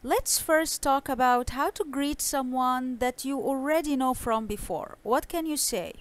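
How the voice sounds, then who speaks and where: A young woman with a high voice teaches an online English lesson, speaking slowly and clearly. She reads dialogues aloud with marked intonation, and there's no room sound.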